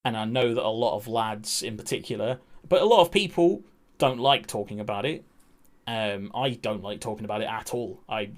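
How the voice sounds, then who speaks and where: A man talking candidly on a livestream, nervous and a little breathless, halting with restarts and frequent ums. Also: lowish voice. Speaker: streamer.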